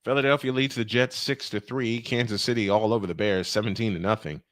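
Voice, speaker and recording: A man's voice: fairly low pitch, steady tone, fairly quick, no room sound. A male play-by-play announcer calling a basketball game in a chatty style, full of rambling, self-deprecating asides.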